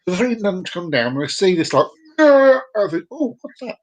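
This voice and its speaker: Playful chatty man, joke-telling host, animated sing-song voice. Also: high voice, normal speed, low-quality recording. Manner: chatty, playful, giggles at own jokes. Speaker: host of a live comedy show.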